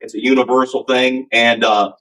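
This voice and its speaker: A man's voice: medium pitch, level tone, normal speed, pushed and bright, recorded from a distance, poor audio. Earnest rambling male rock singer. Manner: rambling, earnest, many "you know"s. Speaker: band singer, guest. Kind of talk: casual storytelling interview.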